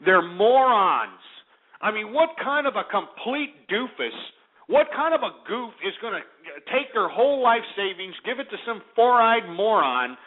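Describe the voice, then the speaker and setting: A man hosting a call-in radio show, ranting bluntly and scornfully at his listeners. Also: sits high. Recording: tinny phone-like lo-fi audio.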